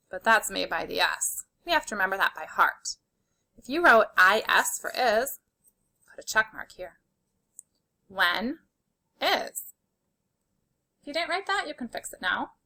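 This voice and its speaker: Slow, bright-voiced woman teaching spelling. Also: a little high. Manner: slow, patient, sounding out letters; encouraging and praising. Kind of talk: spelling lesson for young children.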